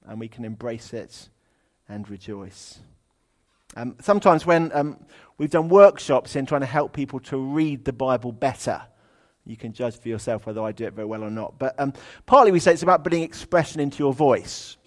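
A man delivers a sermon in an easygoing, conversational way. His voice sits at a middling pitch, and he turns lively and expressive whenever he reads from the text. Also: normal speed. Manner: chatty, humorous, animated when reading aloud. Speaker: preacher.

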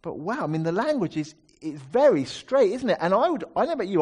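A man's voice: high-pitched, sing-song, fast, hardly any pauses, a little mellow, breathy edge. A man preaching a sermon, explaining a psalm in a conversational teaching manner with rhetorical asides.

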